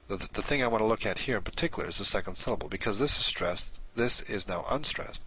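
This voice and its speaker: A man's voice: fairly low pitch, sharp tone, husky, dull audio. A man teaching a recorded lesson, explaining step by step and correcting himself as he goes.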